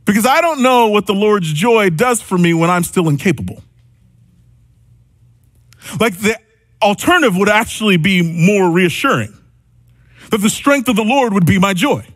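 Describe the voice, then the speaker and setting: A man's voice: high voice, lively intonation, moderate pace, pauses often, no room sound. A man preaching a sermon in a casual, conversational way, acting out little dialogues and asides as he teaches. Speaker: pastor.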